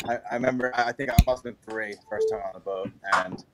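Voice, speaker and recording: A man from New York State, a guest angler, talking in a relaxed way on a casual podcast. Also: mid-range voice, quick pace, very noisy.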